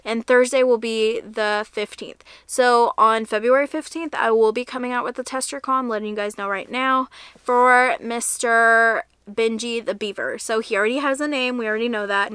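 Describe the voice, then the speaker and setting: A woman's voice: a little high, bright, forceful tone, smooth, dry recording. A young woman chatting casually in a crochet vlog, rambling and correcting herself as she shows her projects. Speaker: crochet vlogger. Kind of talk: casual show-and-tell vlog.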